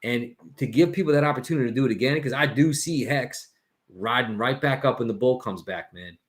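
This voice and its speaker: A man talking enthusiastically on a casual crypto livestream, pitching an idea and calling everyone "man". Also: fairly quick.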